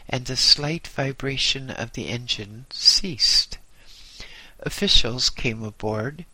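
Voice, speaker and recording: Man, storyteller, first-person reading, slow, measured, bright, dry. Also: mid-range voice, no echo, low-quality recording. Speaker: narrator.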